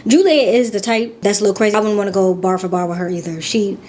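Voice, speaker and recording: A young adult woman giving casual, chatty reaction commentary as a vlogger, talking in an animated and slangy way. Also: mid-range voice, quick pace, slight background noise. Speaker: vlogger reacting to a dating show.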